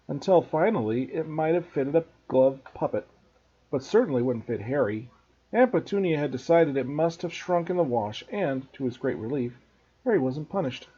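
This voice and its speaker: A man, a teacher, reading a children's novel aloud to students in an expressive storybook narration. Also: fairly high pitch, husky, highs cut off.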